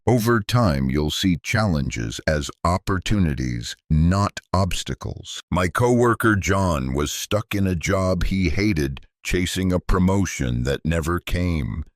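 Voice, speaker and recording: A man delivering a scripted motivational speech in a slow, deliberate, emphatic way. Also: sits low, no room sound, studio quality. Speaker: motivational speaker.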